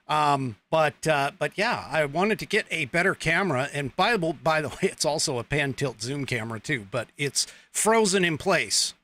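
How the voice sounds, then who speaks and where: A man's voice: on the high side, sharp tone. A man hosting his political livestream show, chatting casually with his viewers in a rambling way, with lots of fillers and chuckles.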